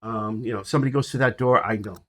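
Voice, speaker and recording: An older man with a husky voice casually rambling about his health on a phone recording, full of fillers and restarts. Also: fairly low pitch, fast. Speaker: vlogger sharing his health journey. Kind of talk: casual personal update to camera.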